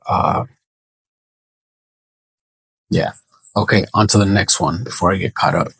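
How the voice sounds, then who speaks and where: A man's voice: low voice, measured pace, slightly rough, no room sound, poor audio. A man making casual soccer betting predictions on his own, thinking aloud and correcting himself as he goes. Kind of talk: casual solo prediction talk.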